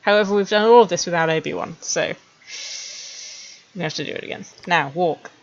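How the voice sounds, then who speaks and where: Low gravelly woman streamer. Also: fairly quick, dull audio. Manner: chatty, wry, laughing at herself. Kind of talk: casual commentary while making a 3D animation.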